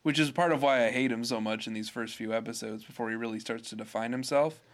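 A man's voice: medium pitch, fairly even intonation, fast talker. A man co-hosting a casual podcast chat, talking hesitantly with frequent fillers and restarts. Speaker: podcast co-host.

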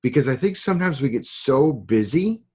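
A man hosting a casual interview, talking in a halting way with frequent repeats and self-deprecating asides. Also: mid-range voice, expressive, darkish tone, slightly rough. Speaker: podcast host.

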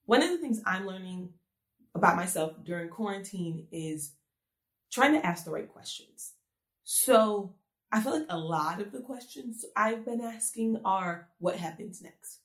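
A woman delivers a conversational devotional message in an earnest, searching way, asking question after question. Her voice sits at an ordinary middle pitch, and the room around her rings with a noticeable echo. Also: animated, unhurried. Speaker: speaker giving a devotional message. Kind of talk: conversational sermon. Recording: echoey room.

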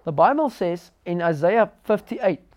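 A man with a South African accent preaching a sermon, telling lively personal stories and mixing Afrikaans words into his English. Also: high-pitched, measured pace.

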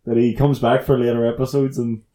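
A man, co-hosting a casual podcast chat and retelling comedy sketches with animated, sweary storytelling. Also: medium pitch, a little fast, roomy sound. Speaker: podcast co-host.

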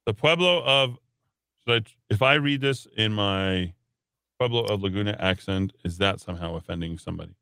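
A man's voice: lowish voice, normal speed, creaky, pauses often, bright, forceful tone, no room sound, clean studio sound. A man hosting a talk radio show, reading listener texts aloud with sarcastic jokes. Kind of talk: casual radio banter.

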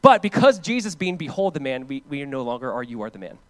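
The sermon comes from an American pastor with a medium-pitched voice who speaks fast on a dry recording. He's conversational and animated, alternating between loud emphatic moments and hushed ones while repeating phrases for effect.

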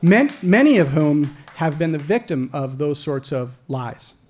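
A middle-aged man telling a personal story live, wry and animated, rising to loud outbursts. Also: on the high side, unhurried.

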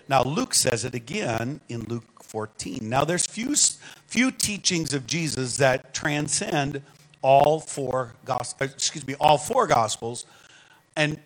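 A man preaching a sermon as guest speaker, animated and calling on the congregation to answer back. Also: on the high side, low-quality recording. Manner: animated, calls the congregation to respond.

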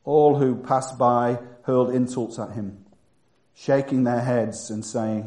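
A man preaching a sermon who moves from loud, emphatic bursts to hushed, quiet passages. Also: medium pitch, fairly even intonation, slow pace, echoey room.

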